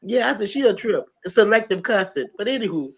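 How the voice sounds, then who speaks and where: A middle-aged woman hosting a podcast, telling a story in an animated, emphatic way and talking straight to her listeners. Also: mid-range voice, fast talker, gravelly, a loud crowd. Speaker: podcast host. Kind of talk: casual storytelling chat. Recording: dull lo-fi sound.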